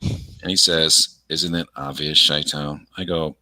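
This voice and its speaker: A man's voice: a bass voice, steady tone, slow, pushed and bright, no echo. A man co-hosting a casual podcast chat, telling a story and reading out a conversation with changed voices. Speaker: podcast co-host.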